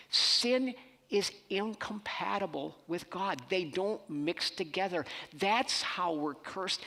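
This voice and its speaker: Expressive pastor preaching in a hall. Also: male voice, high voice. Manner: expressive, slow and emphatic delivery. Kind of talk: sermon with scripture reading. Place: church worship center.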